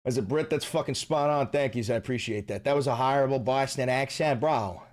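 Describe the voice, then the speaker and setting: A man ranting loudly and profanely while chatting on a live stream. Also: mid-range voice, fairly quick. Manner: loud, animated, profane, ranting.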